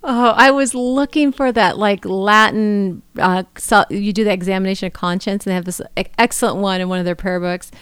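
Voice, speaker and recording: Woman with a smooth, dry voice telling stories. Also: mid-range voice, fairly quick, hardly any pauses, no room sound. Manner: laughing often, animated retelling with quoted dialogue. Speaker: podcast co-host. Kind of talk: casual storytelling chat.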